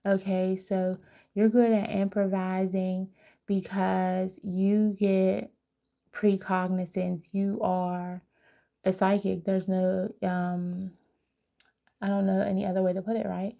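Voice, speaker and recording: A woman giving a live psychic reading, chatty and animated, talking straight to her viewers. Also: medium pitch, slow pace, creaky, highs cut off. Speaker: tarot reader.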